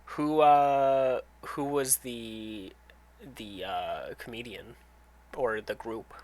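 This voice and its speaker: A man's voice: medium pitch, very slow, a little mellow. A man streaming a video game, chatting loosely with his viewers as he plays, his voice slightly nasal from a runny nose. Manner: loose and rambling, thinks aloud with restarts, reads and answers chat. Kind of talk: casual live-stream chat, talking to viewers while playing.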